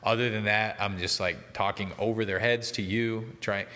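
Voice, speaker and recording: A man's voice: fairly low pitch, steady tone, normal speed, pushed and bright, long reverb tail. A young man chatting casually to the camera, rambling and breaking off to laugh at his own stories. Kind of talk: casual chat.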